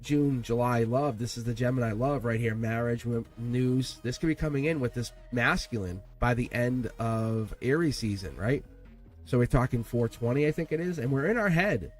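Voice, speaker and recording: A man giving a live tarot reading in a chatty, animated way, often laughing and dropping to a low murmur. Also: normal speed, soft background music. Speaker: tarot reader.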